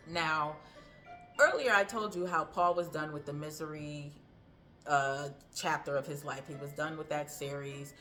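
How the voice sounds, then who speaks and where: A woman's voice: low-pitched, fairly bright tone. A woman hosting a casual movie recap, chatty, with frequent ums, laughs and asides.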